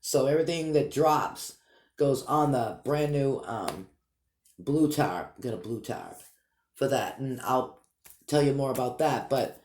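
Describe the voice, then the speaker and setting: A man's voice: on the high side, a little mellow, slight background noise. A man with a Boston accent, chatting casually and rambling upbeat to his vlog viewers. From Massachusetts. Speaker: vlog host. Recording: echoey room.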